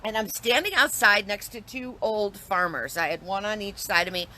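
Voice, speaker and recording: A woman shares a personal story in an earnest, reflective way, often circling back and repeating herself. Her voice is bright and forward, and there is a faint hum of room noise behind her. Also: mid-range voice, normal speed. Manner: earnest, reflective, with frequent restarts and repetitions.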